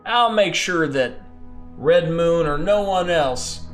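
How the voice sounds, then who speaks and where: Man voicing a scarred gunslinger, calm and gruff, quiet drawl. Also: slow, soft background music. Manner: low, steady drawl.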